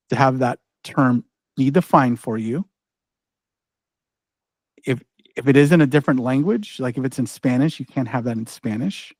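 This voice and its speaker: A man's voice: medium pitch, no room sound. A man presenting a live online workshop, talking casually with lots of "like" and "right?" and frequent restarts as he walks through a demo. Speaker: ed-tech trainer presenting a workshop.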